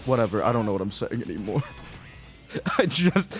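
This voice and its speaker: A man's voice: fairly low pitch, sing-song, normal speed, long pauses. A young man giving casual, profane gameplay commentary as a video creator, rambling and frustrated, dropping to mutters and then bursting out. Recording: faint game music behind.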